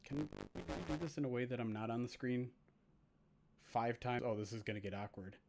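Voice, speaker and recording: A man's voice: mid-range voice, vocal fry, darkish tone, a little hiss or hum. A man streaming a football video game simulation, chatting casually with viewers, laughing at himself and calling the plays. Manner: chatty, self-mocking, quick to laugh. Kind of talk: casual live-stream chat and play-by-play.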